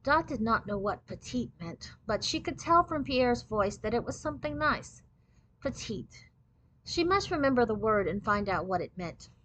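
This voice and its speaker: A woman reading a children's book aloud in clear, steady storybook narration. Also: a little high, moderate pace, hardly any pauses, poor audio.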